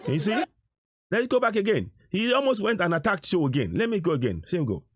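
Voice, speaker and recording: A man's voice: high-pitched, big pitch swings, fairly quick, some chatter behind, a little hiss or hum. A middle-aged man giving indignant commentary over video footage, insisting and repeating himself. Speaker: activist commentator.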